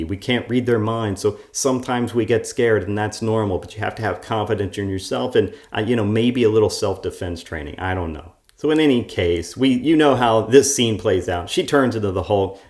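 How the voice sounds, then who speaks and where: A man with a somewhat low voice rants through a critical commentary on a show. He sounds sarcastic and keeps piling on his complaints. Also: a little mellow. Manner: sarcastic, ranting. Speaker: show reviewer.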